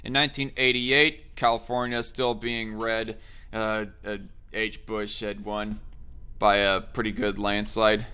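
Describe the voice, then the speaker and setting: A man's voice: lowish voice, level tone, a little slow, sharp tone, clear, resonant tone. A man hosting a casual political chat, thinking aloud with many fillers and restarts. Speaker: host.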